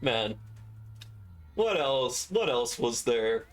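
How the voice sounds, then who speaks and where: A man's voice: mid-range voice, sing-song, drawn-out words, soft background music. A young man livestreaming, telling casual stories animatedly, swearing freely and acting out quoted lines. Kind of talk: casual storytelling on stream.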